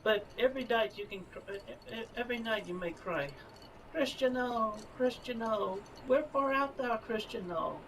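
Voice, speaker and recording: Theatrical man declaiming on an old home video. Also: very high-pitched. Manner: theatrical and halting, stumbling over archaic phrasing. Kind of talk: grandiose love declaration in mock-Shakespearean speech. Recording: distant mic with clear noise in an old home video.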